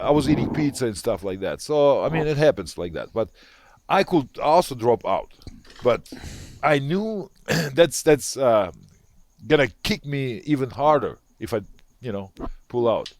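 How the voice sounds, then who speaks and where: A man of German mother tongue who guides a casual panel chat with questions and tells an animated story. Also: mid-range voice, unhurried.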